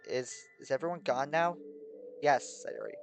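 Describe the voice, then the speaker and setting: A man voicing an exhausted, despairing teenage girl who talks quietly and haltingly, apologizing as she goes. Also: on the high side, music in the background, natural voice. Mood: timid.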